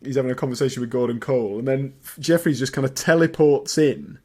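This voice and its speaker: A man co-hosting a casual podcast, chatty and jokey, getting loud when excited. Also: mid-range voice, quick pace. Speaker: podcast co-host. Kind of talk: casual chat.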